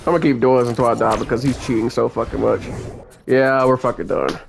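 A man's voice: mid-range voice, fairly even intonation, fast, gravelly, slight background noise. A young man giving gameplay commentary as a channel host, angrily ranting and cursing at the game. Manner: angry, profane ranting at the game. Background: game music.

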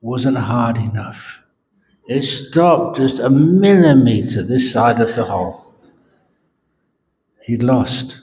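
A Buddhist monk gives a morning dharma talk at a meditation centre, cracking jokes and laughing often at his own stories. His mid-range voice is darkish with lively intonation, and he speaks slowly with long pauses.

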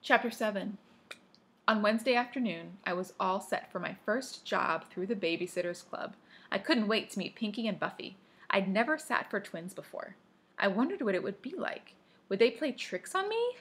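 A woman's voice: mid-range voice, animated, normal speed, fairly bright tone, breathy edge. A woman reading a first-person story aloud, dropping offhand asides of her own. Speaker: audiobook reader. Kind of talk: first-person audiobook narration.

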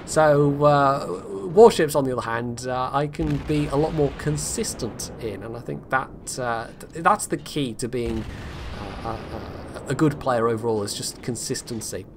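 A man's voice: mid-range voice, a little slow, slight background noise. A man giving casual, self-critical commentary over his own game replay, rambling with frequent restarts. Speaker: gameplay commentator.

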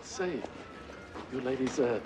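A man's voice: medium pitch, takes it slowly, background noise, natural voice. An actor playing a friendly man who offers to see two ladies home, speaking in a chatty, gallant way.

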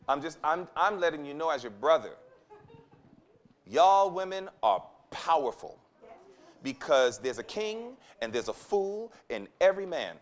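A man preaching a sermon at a conference, emphatic and repetitive, acting out the voices of the people he quotes. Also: a little high. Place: conference hall.

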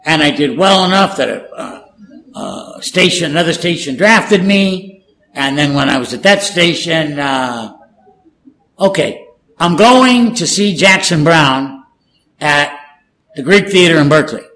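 A man's voice: fairly high pitch, a little slow, rough recording. An older man, a native Spanish speaker, telling stories casually in an interview and acting out the people he quotes. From California. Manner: animated storyteller, acts out quoted dialogue. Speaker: guest, former war correspondent.

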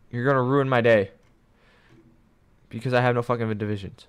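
A young man playing a strategy game at his computer, casually commenting as he swears at it, pleads with it and shouts when things go wrong. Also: mid-range voice, brisk, pauses often. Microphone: desk mic.

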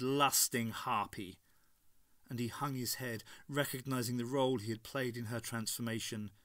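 A man narrating an unabridged novel in a measured, dramatic way. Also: mid-range voice, sharp tone, no room sound, clean studio sound. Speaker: audiobook reader.

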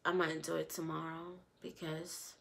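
A woman's voice: low-pitched, unhurried, vocal fry. A woman recapping a reality TV episode in a casual, scolding way, mocking the people in it. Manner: animated, scolding, mocking the cast in put-on voices. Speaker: reality TV reviewer.

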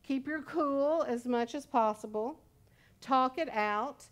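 A woman in her sixties preaches at a church service with a voice a little higher than most. She talks in a conversational, storytelling way and slips in humorous asides. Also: takes it slowly. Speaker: pastor. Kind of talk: sermon.

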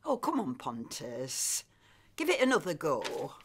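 A woman's voice: deep voice, huge pitch swings, a little slow, a little hiss or hum, exaggerated voice. A woman playing an older, chatty grandmother, gossipy and easily amused.

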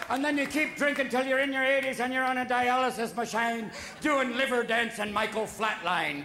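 Manic stand-up comedian before a roaring crowd. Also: male voice, extremely high pitch, lively intonation, noisy background. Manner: manic, rapid-fire, cursing. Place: large theater stage. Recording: live theater audience laughing.

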